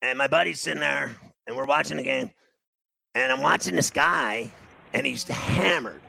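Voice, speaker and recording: A middle-aged man tells a casual anecdote and acts out every bit of quoted dialogue. His voice is heavily gravelly and full of fry. It has a bright, forceful edge. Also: mid-range voice, moderate pace, low-quality recording. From New York City.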